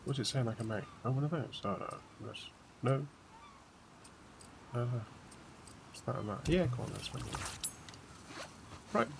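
A man's voice: mid-range voice, gravelly, noisy background. A British man chatting to himself while playing a video game and reading in-game notes aloud. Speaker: gamer streamer. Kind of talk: let's play commentary, reading journal aloud.

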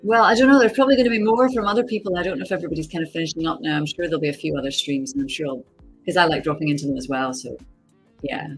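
A woman's voice: low-pitched, racing, husky, faint music behind. A woman, an actress, chatting casually with fans on a signing livestream from home, laughing often as she reads the chat aloud.

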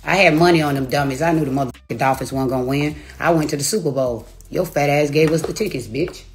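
A woman's voice: deep voice, quick pace, slight background noise. A woman on a phone livestream from home, delivering a taunting, profane rant and laughing between her insults. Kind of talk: profane live-stream rant. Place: home, a rented house.

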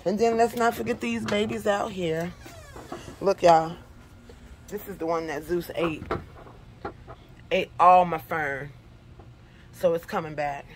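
Young woman vlogging at home, chatty and animated, lowish voice, talks right to her viewers. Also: takes it slowly, pauses often, a little hiss or hum. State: out of breath in places. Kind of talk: casual home vlog. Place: home, indoors.

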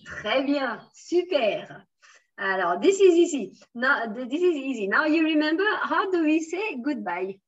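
A woman's voice: high voice, sing-song, measured pace, distant mic, dull audio. A woman from Switzerland teaching a beginner French class. She switches between English and French, uses many fillers and keeps encouraging her students. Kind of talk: online language class.

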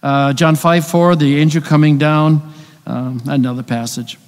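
A man's voice: on the high side, steady tone, measured pace. Man lecturing in a reverberant hall. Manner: conversational, explains with rhetorical questions and asides. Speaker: conference speaker on biblical texts. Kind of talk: conference lecture. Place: church hall.

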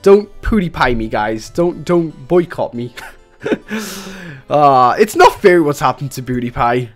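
A man giving chatty, excitable live commentary while he plays a video game as a streamer. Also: medium pitch, unhurried, faint music behind. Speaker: gaming streamer.

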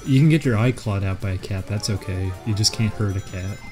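A man's voice: on the low side, a little fast, over music. A man chatting casually on a game stream, dropping dry, wry remarks. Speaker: streamer, co-host.

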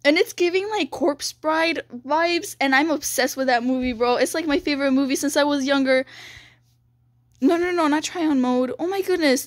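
High, gushing young woman gamer. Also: moderate pace, dry recording, clean studio sound. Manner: gushing and excitable, gasping, repeating "dude" and "bro". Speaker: gaming video creator. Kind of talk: excited game walkthrough commentary.

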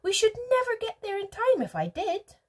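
A woman voicing an eccentric, excitable male chocolate maker in a storybook reading, brisk and rude with the other characters. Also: fairly low pitch, husky, exaggerated voice. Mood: excited. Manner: quick-witted, brisk and rude. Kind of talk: storybook read-aloud.

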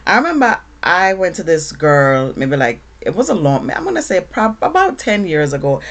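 Woman chatting on her vlog, low voice, swings up and down a lot, lots of um and you know. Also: moderate pace. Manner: animated, lively, with lots of fillers. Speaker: beauty vlogger. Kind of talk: casual chatty storytelling to camera.

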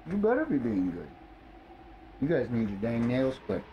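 A man's voice: medium pitch, wildly swooping pitch, normal speed, highs cut off, a little hiss or hum. A man streaming a video game, chatting casually and muttering to himself and his pets as he plays. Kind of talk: casual gameplay commentary.

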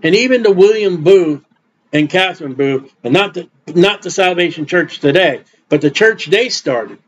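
A man's voice: high-pitched, lively intonation, normal speed, slightly rough. A middle-aged man preaching an informal, rambling sermon in a blunt, conversational way. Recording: dull lo-fi recording.

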